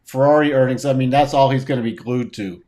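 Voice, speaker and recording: Guy hosting a stock market stream, laid back and jokey, mid pitch. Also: quick pace, a little mellow. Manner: joking, easygoing banter. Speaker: market show host. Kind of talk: casual market chat.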